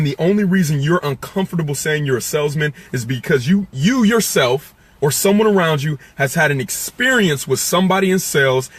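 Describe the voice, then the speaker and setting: A man giving an emphatic, preachy motivational talk on sales to his viewers, repeating lines and swinging from loud preaching to low, quiet asides. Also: slightly rough, no echo. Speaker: sales coach.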